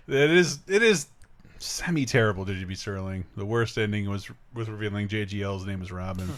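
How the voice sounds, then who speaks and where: A man co-hosting a casual movie commentary, blunt and quick to swear. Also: fairly low pitch. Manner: animated, profane, blunt. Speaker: podcast co-host.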